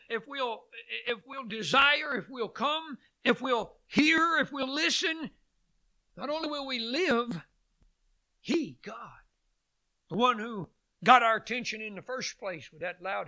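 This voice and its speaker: Guy preaching, high lively voice, slow and deliberate, goes loud then hushed. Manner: dramatic swings from loud to hushed, repeats phrases for emphasis. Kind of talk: sermon.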